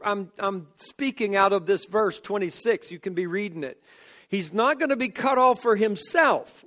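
A man delivers a sermon in a strikingly high voice. He takes his time, stretching out each phrase. His delivery is emphatic and builds into fervent declarations. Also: fairly bright tone. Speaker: preacher.

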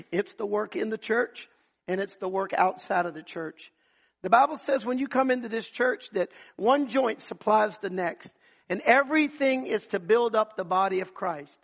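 Male preacher, sermon, high voice, gravelly fry, husky tone, loud then hushed. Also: normal speed. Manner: swings from loud emphatic to hushed. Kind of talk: sermon with testimony stories.

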